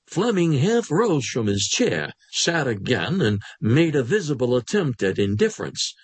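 A man narrating a literary short story aloud in an expressive storytelling manner. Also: mid-range voice, unhurried, few pauses, slightly rough, no room sound.

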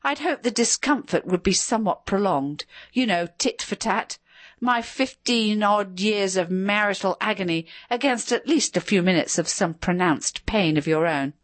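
A woman's voice: medium pitch, animated, normal speed, dry recording, natural voice. A woman voicing a bitter, scornful husband in a spoken story, sneering and sarcastic.

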